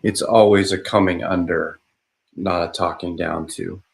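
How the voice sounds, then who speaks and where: A man talking casually on a podcast, rambling with frequent restarts and fillers, and turning animated when he mimics other people. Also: low voice, measured pace, creaky. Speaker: podcast speaker. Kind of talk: casual conversational podcast talk.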